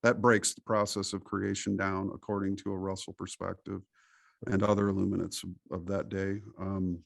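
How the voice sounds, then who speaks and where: A middle-aged man with a low, gravelly voice talks at length as a podcast guest. He tells stories in an animated, preachy way. The sound is dry and close. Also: moderate pace, dry recording. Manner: animated, preachy storytelling with acted quotes. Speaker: interview guest. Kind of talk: casual podcast interview.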